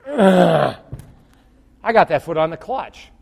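Animated preacher man in a reverberant hall. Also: a little high, slow pace, gravelly, slightly rough. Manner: animated, swinging from loud exclamations to quiet asides. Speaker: pastor. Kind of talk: storytelling sermon.

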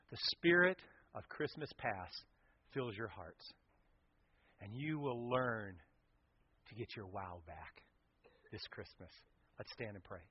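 A pastor preaching a sermon, telling stories with animation and swinging from loud to hushed. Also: male voice, medium pitch, a little hiss or hum. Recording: dull lo-fi sound.

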